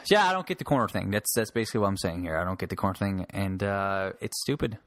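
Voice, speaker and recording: This solo podcast host talks fast in a low, expressive voice with a fairly bright tone. He rambles casually, restarts sentences and swears freely, holding a handheld mic close, and the recording is dry.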